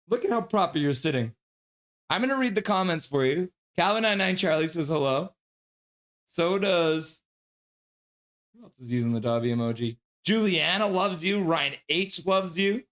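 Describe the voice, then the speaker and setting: A man hosting a live fan stream, calling the game play by play at home, crying out at big plays and cooing in baby talk at his dog in between. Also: a little high. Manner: excitable, cries out at big plays. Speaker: livestream host calling the game.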